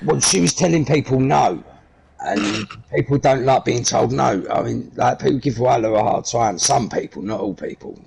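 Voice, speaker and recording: A man's voice: mid-range voice, animated, moderate pace, vocal fry, a little mellow, slight background noise, poor audio. A man guest in a casual podcast chat, speaking earnestly and plainly.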